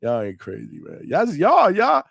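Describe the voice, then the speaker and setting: Brief: male call-in show host, slightly high voice, playful slang, lots of laughing, dry sound. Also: wildly swooping pitch, moderate pace, creaky, fairly bright tone, no room sound. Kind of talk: live call-in boxing show.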